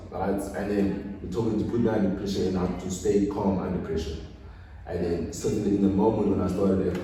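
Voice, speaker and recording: Animated man in an echoey room. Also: deep voice, distant mic, slight background noise. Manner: animated storyteller, swings from quiet to loud. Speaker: podcast guest. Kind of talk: casual podcast chat. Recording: echoey room, speaker off-mic.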